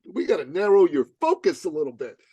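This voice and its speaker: A man's voice: very animated, quick pace, mellow, slightly rough, dry recording. A man telling a story as a podcast guest, emphatic and slangy, acting out both sides of the dialogue. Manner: emphatic, slangy, acts out dialogue in high voices. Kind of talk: animated storytelling.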